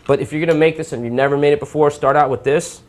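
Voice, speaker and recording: A man's voice: fairly high pitch, fairly even intonation, quick pace. A man from New York hosting a live cooking show, chatting informally while he cooks. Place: home kitchen.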